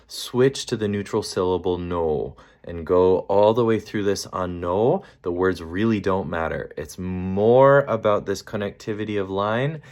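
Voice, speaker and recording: A man leading a choir rehearsal, counting beats aloud and demonstrating vocal sounds. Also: lowish voice. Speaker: choir director. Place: rehearsal room with piano. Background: loud piano.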